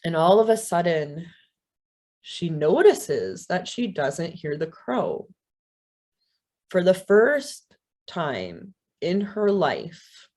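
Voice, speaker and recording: Slow, expressive woman telling a story. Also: mid-range voice. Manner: slow, vivid, expressive, repeats phrases for rhythm. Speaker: guest speaker, scholar. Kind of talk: oral storytelling in a talk.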